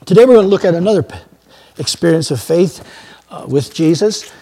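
A man preaching a sermon as a pastor, emphatic, swinging between loud outbursts and quiet asides. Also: on the high side, expressive, a little fast. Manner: emphatic preaching with sudden loud rises and soft drops.

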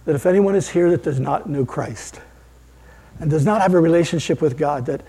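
Earnest preaching man, dark husky tone. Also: on the high side, brisk. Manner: earnest, building to emphatic peaks, then hushed. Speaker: pastor. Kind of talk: sermon. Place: church.

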